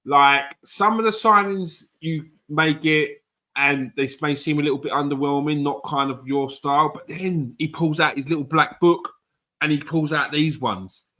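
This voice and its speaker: Football podcast host, relaxed and thoughtful, bright clear tone. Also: male voice, a little high, moderate pace. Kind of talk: casual football chat.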